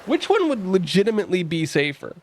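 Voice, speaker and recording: A man's voice: high voice, sing-song, brisk, slight background noise. Joking man streaming a game. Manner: rambling, joking asides to chat. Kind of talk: casual live-stream commentary.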